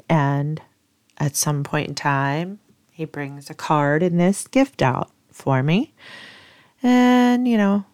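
A woman vlogger telling a personal story in a candid, chatty way, cursing casually and wandering off on asides. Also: sits low.

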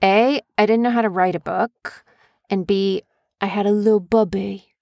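A woman's voice: medium pitch, fairly even intonation, moderate pace, creaky, a little mellow, no room sound, clean studio sound. A woman in her thirties hosting a casual family vlog, chatty and teasing. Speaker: vlog host and author.

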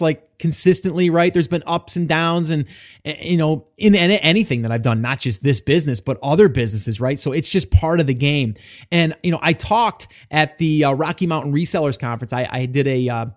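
A man hosts a solo podcast in a loose, encouraging way, full of fillers and restarts. His voice sits a little high for a man. He talks as if thinking aloud to his listeners. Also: a little mellow. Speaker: podcast host. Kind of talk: solo podcast talk, reading a listener post.

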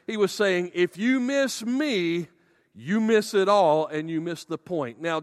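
A man preaching a sermon as pastor, emphatic and slowing down to stress key words. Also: high voice, fairly bright tone, big-room sound.

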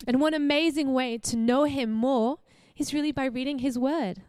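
A young Australian woman preaching a sermon in a lively, conversational way, asking her listeners questions and laughing easily. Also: high-pitched, moderate pace, smooth, no room sound. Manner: warm, animated, laughs often, asks the audience questions.

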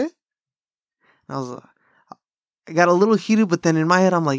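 A man's voice: fairly high pitch, fast talker, long pauses, no echo, studio quality. A man, hosting a podcast in casual chat and telling rambling, profane stories with a laugh. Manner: profane, rambling bro-style storytelling with frequent laughs. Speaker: podcast host.

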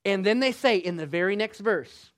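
Emphatic high-voiced male preacher. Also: lively intonation, normal speed. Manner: emphatic, rising to loud bursts; rhetorical questions to the congregation. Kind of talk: sermon.

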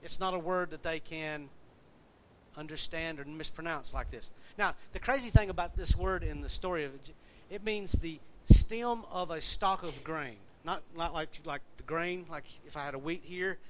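A man's voice: a little high, moderate pace, a little hiss or hum. Conversational man preaching a sermon. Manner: conversational, asks the congregation questions. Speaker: pastor.

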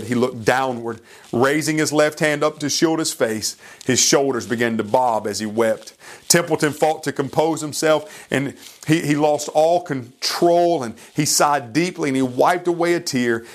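A man preaching a sermon who retells a story in an earnest, pleading way and speaks slowly and deliberately. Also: mid-range voice.

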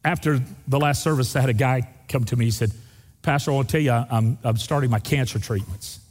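A man preaching a sermon as pastor, asking the congregation questions and jumping high in pitch for emphasis. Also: a little fast, a little mellow. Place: church sanctuary. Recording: long hall reverb of a church.

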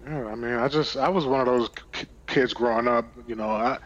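A man's voice: mid-range voice, brisk, muffled recording. A man from Brooklyn, a podcast guest telling stories in a candid, casual way and swearing freely. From Brooklyn, New York. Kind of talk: casual storytelling.

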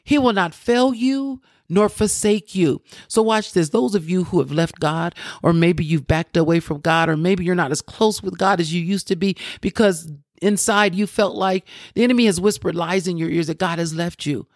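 A woman preaching an encouraging sermon, fervent, often breaking into praise and slowing down to read scripture aloud. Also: lowish voice, no echo, studio quality. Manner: fervent, repeats praise exclamations. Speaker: preacher and podcast host.

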